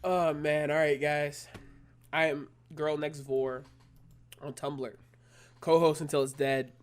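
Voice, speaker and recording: High-pitched, swearing podcast co-host man. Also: slow pace, clear, resonant tone. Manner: animated and profane. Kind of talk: casual podcast chat.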